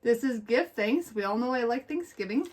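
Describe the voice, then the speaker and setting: Higher-voiced woman showing her stitching haul. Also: lively intonation, moderate pace, darkish tone, a little hiss or hum. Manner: matter-of-fact, showing items one by one. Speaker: co-host. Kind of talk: casual chat.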